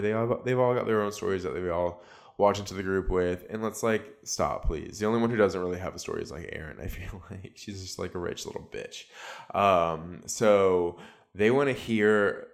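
A man giving a casual, sarcastic solo recap of a reality show, full of likes and ums. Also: sits low.

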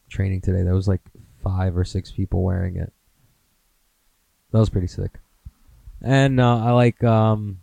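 A man's voice: low-pitched, vocal fry, mellow, dry recording, rough recording. Laid-back American man rambling on a podcast. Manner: rambling, profane, self-mocking. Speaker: podcast host. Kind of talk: casual solo podcast rambling.

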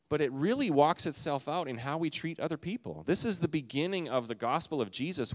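A man's voice: medium pitch, long reverb tail. A man preaching a sermon as a pastor, in an earnest, conversational way full of rhetorical questions.

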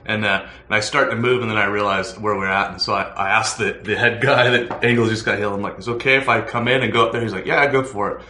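Low, bright-voiced man in an echoey room. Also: fairly even intonation, fast, few pauses. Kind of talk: casual storytelling.

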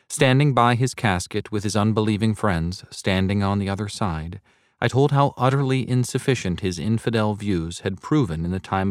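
A man giving a measured, earnest reading of a devotional sermon, slowing down to stress key points. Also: on the low side, dry recording, studio quality. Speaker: reader of a devotional text.

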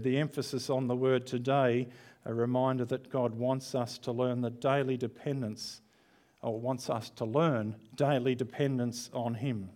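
A man's voice: medium pitch, fairly even intonation, moderate pace, darkish tone. A man preaching an online church sermon in a conversational, candid way, with self-deprecating asides.

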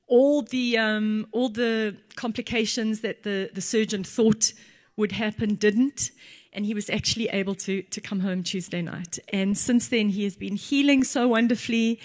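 A woman, giving an earnest church testimony as a mother, slow and emphatic. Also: medium pitch. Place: church hall. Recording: long hall reverb.

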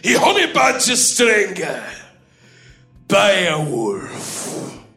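A man performing a boisterous story beast who retells an epic live in broken English, swearing and shouting sound effects. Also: sits high, huge pitch swings, extremely slow, vocal fry, soft background music, full character voice. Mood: rowdy. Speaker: comedy performer.

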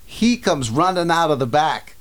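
Animated man telling a story. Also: a little high, moderate pace. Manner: animated storyteller, acts out yelling and voices, swears. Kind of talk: casual storytelling chat.

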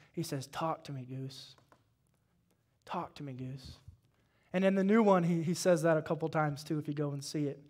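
High-voiced man preaching to a congregation. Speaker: pastor. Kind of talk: sermon.

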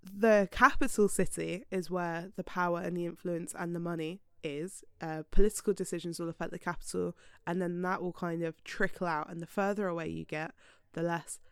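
A woman co-hosts a podcast and rambles through her points in a loose, conversational way. Her low voice is gravelly yet smooth and resonant. It sounds dry and close. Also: fairly even intonation, normal speed, hardly any pauses, no echo. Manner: rambling and conversational, heavy use of "like". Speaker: podcast co-host. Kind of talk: casual podcast discussion.

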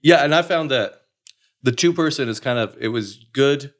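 A man, a sketch comedian, chatting in a casual interview, relaxed and hesitant, with self-mocking laughs. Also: medium pitch, normal speed.

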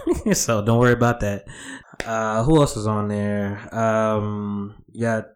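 A man co-hosting a podcast in casual chat, animated and profane, often acting out quotes. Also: lowish voice, measured pace. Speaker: podcast co-host.

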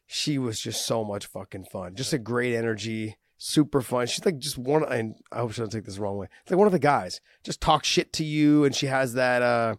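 A man's voice: medium pitch, normal speed, hardly any pauses, dry recording, studio quality. Profane easygoing male podcast host. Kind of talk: casual chat.

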